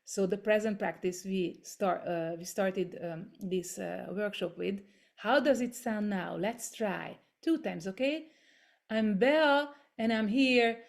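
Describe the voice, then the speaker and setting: A woman leading a voice workshop over a video call, gently coaching step by step through exercises in English that is not her first language. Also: mid-range voice, a little slow, vocal fry. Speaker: voice workshop leader. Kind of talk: guided voice and body exercises.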